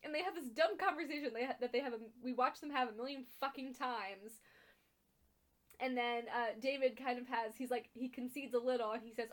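A woman's voice: fairly high pitch, brisk. A young woman co-hosting a podcast, recapping a TV episode in casual chat with frequent ums, laughs and blunt swearing. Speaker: podcast co-host.

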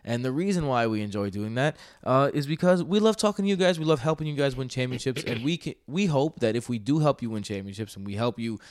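A man hosting a casual sports podcast, talking in an excitable, rambling way with frequent restarts. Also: medium pitch, fast talker, few pauses. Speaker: podcast host.

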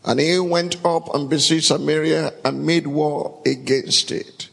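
Male pastor, gravelly and unhurried, preaching emphatically in a reverberant church hall. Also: on the high side, steady tone, fairly bright tone. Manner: emphatic, calls out to the congregation for responses. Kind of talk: sermon.

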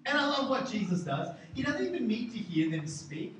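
A male pastor preaching a sermon with animated storytelling and self-mocking humor, in a large church hall. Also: high voice, normal speed, few pauses. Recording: echoey hall, distant mic, noisy.

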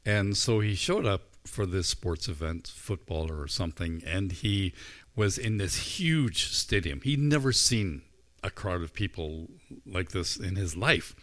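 A man giving a sermon in a relaxed, storytelling manner, easing into his point through anecdotes. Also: low voice. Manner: relaxed storytelling, unhurried and informal. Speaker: preacher.

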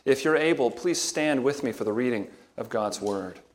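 A man preaching a sermon, reading scripture aloud, then explaining it in a measured, emphatic way with rhetorical questions. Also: medium pitch. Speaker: pastor.

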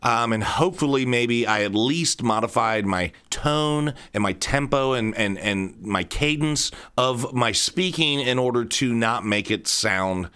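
A man in his thirties talks through a solo podcast episode. He is candid and rambling, circling back and repeating words as he goes. His voice sits at an ordinary middle pitch. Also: unhurried, few pauses, bright, forceful tone, smooth. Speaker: podcast host.

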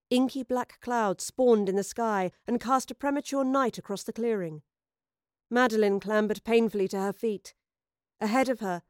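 A woman narrating an audio drama in a measured, dramatic storytelling manner. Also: medium pitch, darkish tone, no echo, studio quality.

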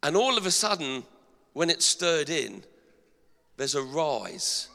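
A middle-aged male pastor delivering an energetic sermon in a church, asking the congregation rhetorical questions. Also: a little high, slow, gravelly. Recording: long hall reverb.

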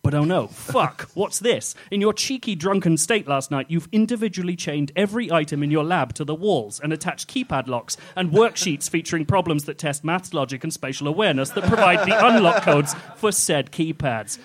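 A man's voice: on the high side, animated, a little fast, few pauses. A man telling his own comic second-person story to friends, playful and often laughing.

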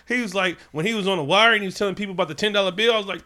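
Bright-voiced guy doing casual movie talk, swears a lot, animated, does little voices. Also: high voice, racing, few pauses, clear, resonant tone. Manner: animated, profane, slips into impressions. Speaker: podcast co-host. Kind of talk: casual movie review chat.

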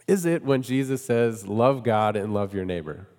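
A man's voice: medium pitch, slow pace, darkish tone, in a large hall. A man preaching a sermon in a conversational way, often asking his listeners questions. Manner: conversational, asks the congregation questions. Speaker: pastor.

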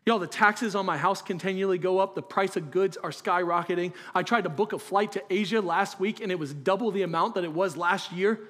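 Male pastor, high-pitched voice, earnest conversational sermon, rhetorical questions. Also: brisk, hardly any pauses, fairly bright tone.

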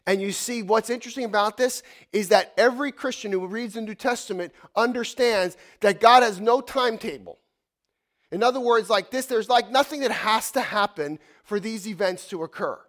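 A man in his fifties preaching a sermon in a church, animated, swinging from loud exclamations to hushed asides. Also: high voice, normal speed. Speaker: pastor.

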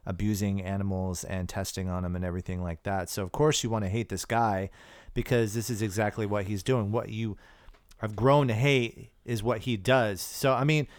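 A man co-hosting a podcast, chatting casually about movies in a relaxed, rambling way with some swearing. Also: on the low side, moderate pace, no room sound. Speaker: podcast co-host. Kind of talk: casual movie-review chat.

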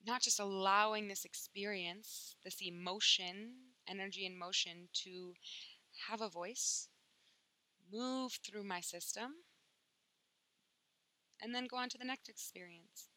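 Woman, spiritual teacher, bright tone, emphatic and casual, swears freely. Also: mid-range voice, slow pace, low-quality recording. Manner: emphatic, swears casually, acts out inner voices.

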